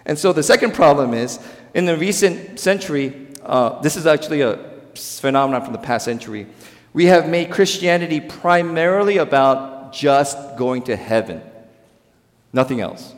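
A Korean-born man preaching a sermon as a pastor, with emphatic stresses that fall into quiet, low endings, and quoted voices acted out in dialogue. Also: expressive, normal speed, big-room sound. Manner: emphatic, swings between loud stresses and quiet drops.

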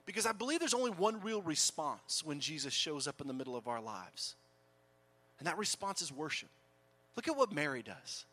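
A middle-aged man preaching a sermon as pastor, dramatic, swinging from loud urging to soft hushed words. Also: fairly high pitch, very animated, normal speed.

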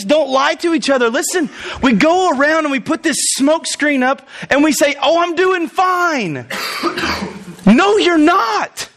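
A man's voice: extremely high pitch, fairly bright tone. A man preaching a sermon as pastor in his church, joking and emphatic as he goes.

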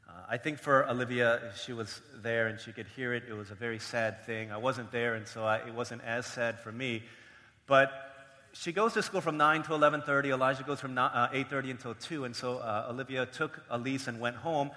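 Bright-voiced pastor in a reverberant hall. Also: male voice, medium pitch, steady tone, brisk. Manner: storytelling, playful quoted voices. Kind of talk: sermon with personal story.

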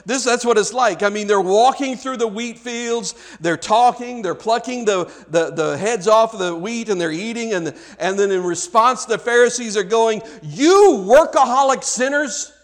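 A man's voice: high-pitched, normal speed, few pauses. A man preaching a sermon to his congregation, conversational, with frequent restarts, asking the listeners questions directly. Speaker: pastor.

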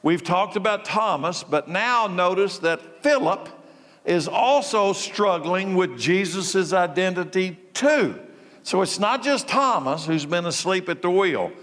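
A man's voice: high-pitched, animated, a little slow, fairly bright tone. A male pastor preaching a sermon, emphatic, repeating key words and thinking aloud. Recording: long reverb in a large hall.

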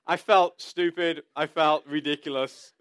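Male pastor, bright high voice, clean dry sound, chatty storytelling sermon. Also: fairly even intonation, measured pace, clean tone, no echo. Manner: conversational storytelling with asides.

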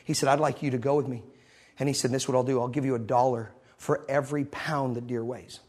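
A man preaching a sermon, telling a story and swinging between loud moments and hushed ones. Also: mid-range voice, fairly even intonation, fast.

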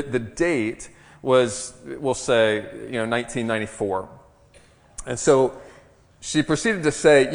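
A middle-aged man preaching a sermon as a pastor, moving between a hushed, slow prayer and lively storytelling. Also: mid-range voice. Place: church. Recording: long reverb of a church hall.

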